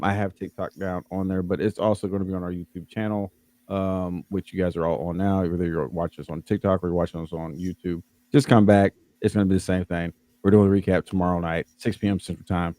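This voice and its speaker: A man's voice: low voice, darkish tone, no room sound. A man hosting a podcast, wrapping up in a loose, rambling, joking way with lots of ums. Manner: rambling, jokey, many fillers. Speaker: podcast host. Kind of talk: casual podcast wrap-up.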